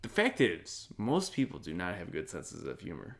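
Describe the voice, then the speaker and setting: A man's voice: low-pitched, wildly swooping pitch, normal speed, gravelly. A man co-hosting a podcast in casual chat, sarcastic and swearing freely. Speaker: podcast co-host.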